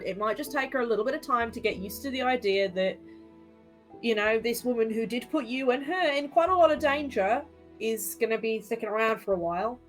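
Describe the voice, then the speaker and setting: A woman speaking in character in a tabletop role-playing game, earnest and lecturing, often repeating herself. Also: on the high side. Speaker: player.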